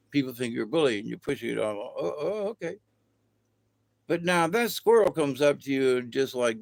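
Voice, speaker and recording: A man's voice: medium pitch, gravelly, no room sound, clean studio sound. A middle-aged man rambling casually in a folksy, colloquial way through a spiritual monologue. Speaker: vlogger.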